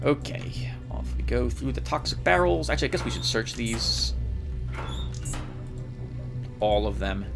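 A man hosting a let's play, chatting casually and rambling excitedly as he plays, laughing often. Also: medium pitch, unhurried, creaky, pauses often, over music. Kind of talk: casual gameplay commentary.

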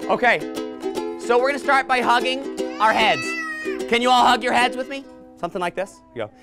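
A woman in her thirties teaching young children letter sounds in a library, playful and animated, making silly sounds and growls for them to copy. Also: fairly high pitch, a little fast, music in the background. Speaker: children's entertainer. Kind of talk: interactive children's phonics lesson. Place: public library room with children. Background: faint ukulele.

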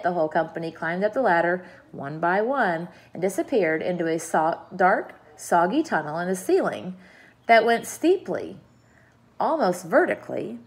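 A woman reading a children's book aloud in an expressive, lively storytelling manner. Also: fairly low pitch, normal speed, slightly rough, rough recording.

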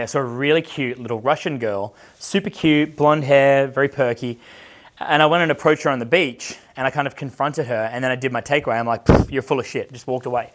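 A man's voice: mid-range voice, fairly bright tone. A man working as a dating coach, telling casual stories in a brash, profane way, laughing often and acting out the voices of the people in his stories. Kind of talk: casual storytelling chat.

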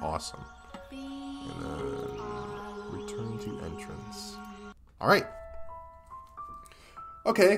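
A man's voice: lowish voice, a bit bright. A man giving casual let's-play commentary, rambling and thinking aloud, his voice getting a little tired. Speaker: gaming video host.

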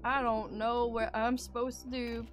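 A woman's voice: on the high side, little pitch movement, measured pace, a little hiss or hum. A woman game streamer chatting casually, rambling and swearing in joking commentary.

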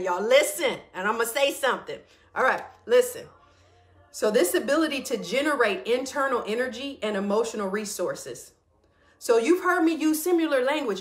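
A lively woman hosting a morning live stream with a fairly high voice. She calls out to viewers by name and pumps them up. She slows into a reflective tone when reading her own notes. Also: echoey room. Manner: animated, greets viewers by name, hypes them up. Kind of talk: casual motivational live-stream talk.

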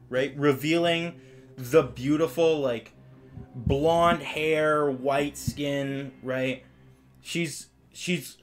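A young man narrating a tabletop game as game master, casual and rambling, with lots of fillers. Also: on the high side. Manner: casual, rambling, full of "like" and restarts.

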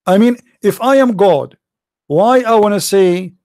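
A man's voice: high-pitched, measured pace, darkish tone, no echo, clean studio sound. A man with an Arabic accent, a non-native English speaker, giving a sarcastic, incredulous monologue as he reads from a screen. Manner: sarcastic, incredulous, mimics sneezes. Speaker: online religious commentator. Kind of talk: mocking monologue reading from a screen.

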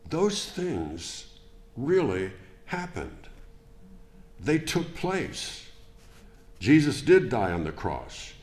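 A man preaching a sermon as pastor, deliberate and emphatic, with rhetorical questions to the congregation. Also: mid-range voice, big pitch swings, darkish tone. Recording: echoey church room.

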